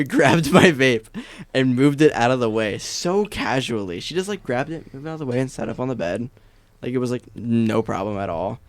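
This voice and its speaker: Young guy podcasting, super lively voice, bouncing all over, dry close mic. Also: dry recording. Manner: animated, laughs often, acts out quotes in high voices. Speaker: podcast co-host. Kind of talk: casual podcast chat.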